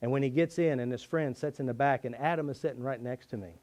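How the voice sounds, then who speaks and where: An earnest middle-aged man tells a personal story while he teaches his therapy method. His voice sits at a middle pitch, and his emphasis rises and falls as he talks through old hurts. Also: fast, a little mellow. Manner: earnest, confessional, with shifting emphasis.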